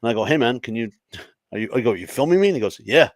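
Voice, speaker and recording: Animated man telling stand-up stories. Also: medium pitch, racing, no echo. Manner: animated storyteller, laughs often. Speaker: stand-up comedian guest. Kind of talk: casual podcast chat.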